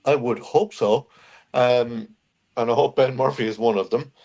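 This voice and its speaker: A man's voice: medium pitch, moderate pace, a little mellow, faint music behind. An Irish man chats on a rugby panel in a mid-range voice. He hesitates often, filling the gaps with ums as he works his thoughts out. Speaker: panel guest. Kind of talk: casual chat.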